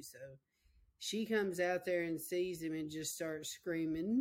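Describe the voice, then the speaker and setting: A middle-aged woman delivers a sermon woven through with personal testimony. Her voice sits a little low, and she takes her time, unhurried and deliberate. She tells the story with feeling, circling back on key lines and speaking right to her listeners. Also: steady tone. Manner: emotional, repetitive storytelling, addresses listeners directly. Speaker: preacher.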